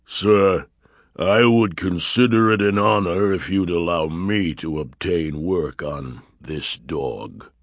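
Brief: very low, drawn-out giant thug, played by a male narrator, dry sound. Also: no echo, full character voice. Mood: eager. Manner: slow, deep, deferential. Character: giant brutish male henchman, servile.

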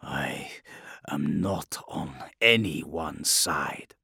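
A man's voice: medium pitch, lively intonation, slow pace, fairly bright tone, dry recording, studio quality. A man voicing an arrogant, defiant imprisoned warrior who talks in grand, mocking declamations. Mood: cold and quiet. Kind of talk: audiobook character voice.

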